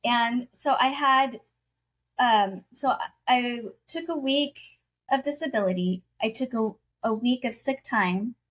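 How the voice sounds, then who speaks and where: A woman speaking as a podcast guest, recounting a deeply personal faith story. Her delivery is earnest and heartfelt. She is casual and full of everyday fillers, and she stops to correct herself mid-thought. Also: measured pace, fairly bright tone.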